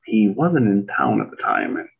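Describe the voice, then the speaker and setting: A man from Michigan co-hosting a podcast, telling a rambling story with many pauses and restarts. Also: lowish voice, huge pitch swings, creaky. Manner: rambling, full of fillers and restarts. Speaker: podcast co-host. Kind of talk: casual storytelling chat. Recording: dull lo-fi sound.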